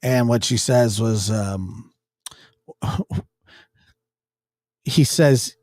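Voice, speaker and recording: A man's voice: medium pitch, very slow, a little mellow, no room sound, studio quality. A man giving casual commentary as he reacts to news clips, rambling with restarts and chuckles.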